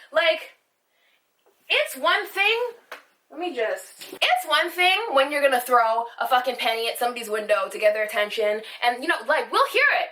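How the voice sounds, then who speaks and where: High bright woman ranting a storytime. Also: recorded from a distance. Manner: rambling, heated, swears constantly. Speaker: vlogger. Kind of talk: storytime vlog. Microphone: phone camera.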